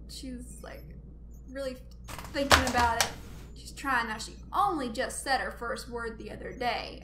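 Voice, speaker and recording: A woman host telling a funny family story in a chatty, animated way, laughing often. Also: sits high, moderate pace, roomy sound, noisy background. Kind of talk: casual storytelling monologue.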